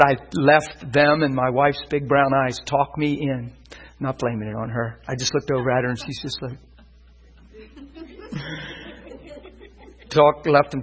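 A man preaching, telling his own story as a sermon testimony, animated and often laughing. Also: medium pitch, husky, low-quality recording.

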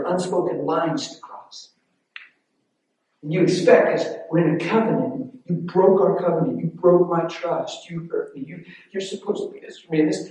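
A man preaching a sermon, telling a personal story in a hushed voice and rising into loud, emphatic preaching. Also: a little high. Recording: echoey room, voice from far off.

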